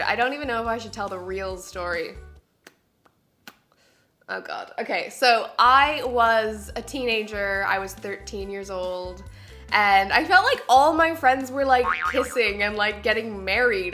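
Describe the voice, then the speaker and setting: A young woman from Canada in her twenties, chatting to camera for her vlog and telling embarrassing stories with lots of giggles. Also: on the high side. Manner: giggly, animated storytelling. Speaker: beauty vlogger. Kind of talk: casual chat to camera.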